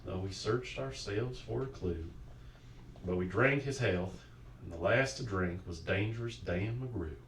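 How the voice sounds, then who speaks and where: Man putting on a southern drawl, old cowboy storyteller, lively rise and fall, roomy distant mic. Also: on the low side, slight background noise. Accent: put-on American Southern drawl. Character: gruff old frontier cowboy storyteller, male. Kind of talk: dramatic poetry reading.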